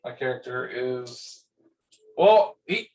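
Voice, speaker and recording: A man's voice: medium pitch, lively intonation, slow pace, darkish tone. A man playing in a tabletop game, talking through his moves with care and laughing easily. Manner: cautious, planning aloud, laughs easily. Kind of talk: casual tabletop game chat. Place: room at a gaming table. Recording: roomy and distant.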